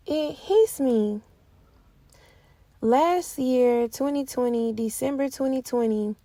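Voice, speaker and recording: A young woman telling a casual spoken testimony in an animated way, laughing often. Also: fairly high pitch, dry recording. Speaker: Christian vlogger sharing a testimony.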